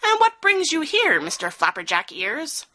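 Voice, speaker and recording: A woman voicing a crafty, creepy old male crocodile in a storybook reading, sly and smooth-talking. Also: sits high, huge pitch swings, moderate pace, sharp tone, a little hiss or hum, voice pushed up, exaggerated voice.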